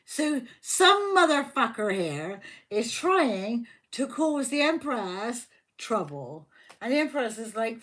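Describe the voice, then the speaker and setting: A woman reads tarot cards on a live stream, her voice sitting a little high for a woman. She talks slowly and deliberately, but she is fired up and swears almost every line. She speaks with fierce protectiveness toward the person the reading is for. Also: very animated, fairly bright tone. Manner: heated, swears constantly. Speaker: tarot reader.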